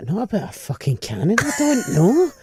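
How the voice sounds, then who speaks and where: Glaswegian guy ranting n swearing, kinda high voice, dry close sound. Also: huge pitch swings, brisk, husky, no room sound. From Scotland. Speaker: comedian co-host. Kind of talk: casual comedy podcast chat.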